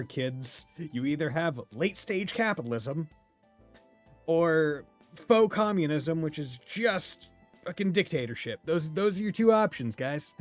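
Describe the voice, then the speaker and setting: Heard on a dry close mic with faint game music, with no echo, a young man hosts a let's play of a game. He speaks at a fairly high pitch, laughing often, clowning around and dropping casual slang as he comments.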